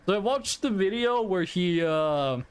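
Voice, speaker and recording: Lively high-voiced Norwegian streamer. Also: male voice, a little slow, smooth. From Norway. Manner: laughing, swearing, rambling commentary on clips. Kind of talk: casual live-stream chat.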